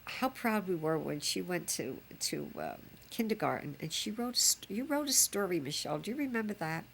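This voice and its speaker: A woman's voice: on the low side, sing-song, brisk, creaky, a bit bright, a little hiss or hum. An older woman, a grandmother reminiscing fondly in a chatty, rambling way. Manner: chatty, fond, rambling with fillers. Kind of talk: reminiscing home recording.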